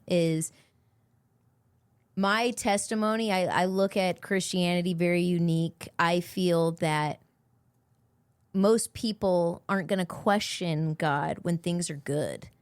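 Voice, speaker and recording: A woman speaking as a podcast guest, talking in a thoughtful, measured, faith-focused way. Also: lowish voice, clean tone, no echo. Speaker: podcast guest, host's wife. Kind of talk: reflective podcast conversation.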